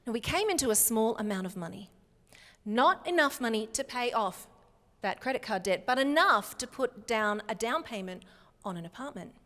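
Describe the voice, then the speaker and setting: A middle-aged woman giving a motivational keynote talk in a large hall, speaking slowly and emphatically with clear enunciation. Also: a little high, lively intonation, pushed and bright. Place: large hall before a live audience. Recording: long hall reverb.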